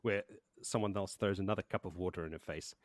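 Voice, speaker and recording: A man's voice: sits low, fairly even intonation, fast, no room sound, clean studio sound. A man hosting a podcast, chatting casually and rambling as he recaps a book, laughing and swearing now and then. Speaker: podcast host.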